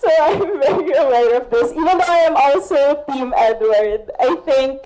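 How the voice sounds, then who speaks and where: A woman's voice: high voice, moderate pace, warm tone, rough recording. Giggly young Filipino woman. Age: young adult. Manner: giggly, playful. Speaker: student election candidate.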